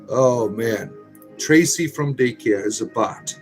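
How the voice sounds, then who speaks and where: A man's voice: mid-range voice, animated, slow, music in the background, low-quality recording. A man hosting a casual livestream on a phone, answering viewer comments in a rambling way with many fillers and restarts. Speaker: livestream host.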